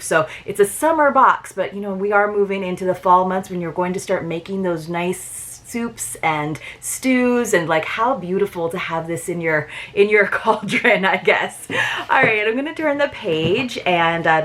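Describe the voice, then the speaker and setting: A woman's voice: mid-range voice, a bit bright. A woman chatting casually to viewers as she unboxes and admires items at her desk, thinking aloud as she goes. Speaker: subscription box reviewer. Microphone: desk setup.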